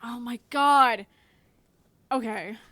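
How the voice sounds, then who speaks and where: A woman's voice: a little high, slow pace, bright, forceful tone, dry recording. A woman co-hosting a casual comedy podcast, dithering and flustered, with lots of ums. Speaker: podcast co-host.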